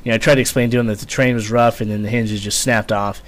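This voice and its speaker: A man's voice: fairly low pitch, fairly even intonation, quick pace. A young man casually telling a rambling, profane story, full of fillers and swearing. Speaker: vlogger, former Marine.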